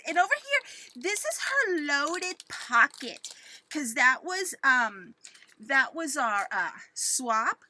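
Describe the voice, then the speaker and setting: Crafting vlog host, middle-aged woman, high bright voice that swoops a lot, unhurried, gushing and giddy. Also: slight background noise. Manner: gushing, giddy, exclaims often; talks to viewers like friends. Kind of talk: casual unboxing chat.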